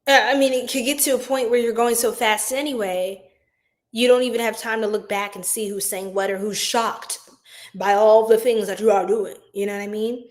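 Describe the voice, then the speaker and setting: A tarot reader hosts a casual card-reading livestream, speaking into her phone in a slightly high, steady voice at normal speed. She's chatty and full of fillers, calling her viewers "y'all," in a low-quality recording.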